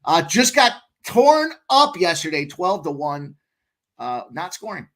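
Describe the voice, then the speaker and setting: Brash high-voiced betting co-host. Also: male voice, very animated, unhurried, a bit bright. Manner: brash, profane, hyped and boastful. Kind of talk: casual sports betting chat.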